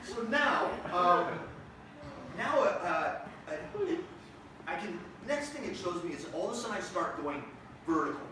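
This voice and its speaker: Man, stand-up storyteller, high voice, animated and jokey, echoey theater, distant mic, audience noise. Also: measured pace. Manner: animated, jokey, acts out his own reactions. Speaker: comedian performing a one-man show. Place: theater stage.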